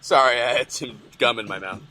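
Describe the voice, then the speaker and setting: A man's voice: medium pitch, fairly quick, sharp tone, slight background noise. A man giving casual comedic commentary over a video game, sarcastic and mock-confused, laughing often.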